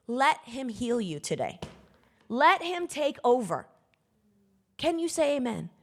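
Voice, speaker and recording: A woman preacher giving an emphatic sermon, breaking into bursts of loud exhortation. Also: sits high, very animated, slow.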